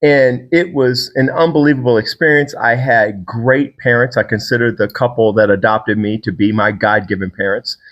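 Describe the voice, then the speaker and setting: A man from Virginia hosts a solo podcast as a fitness trainer. He tells stories in a casual, enthusiastic and rambling way. His voice sits at an everyday middle pitch. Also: steady tone, moderate pace, hardly any pauses, fairly bright tone, muffled recording.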